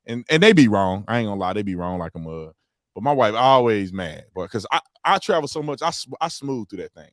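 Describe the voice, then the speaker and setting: A man hosting a casual podcast chat, telling animated stories and acting out quotes loudly. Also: on the low side, fairly quick, no room sound, clean studio sound. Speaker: podcast host.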